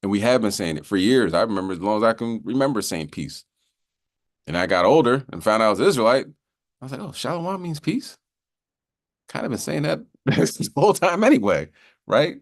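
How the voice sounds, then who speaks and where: Chatty low-voiced man teaching a class. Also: big pitch swings, a little fast. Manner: loose and chatty, full of "you know what I mean"; slips into joking voices to act out sayings. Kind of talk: casual Bible class teaching.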